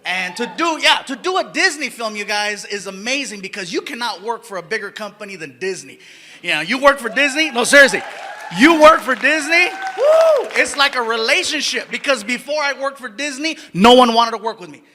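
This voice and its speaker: High-voiced animated male stand-up comic. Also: brisk. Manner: animated storytelling, bursts into shouts. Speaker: stand-up comedian. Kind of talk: stand-up comedy. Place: comedy stage before an audience.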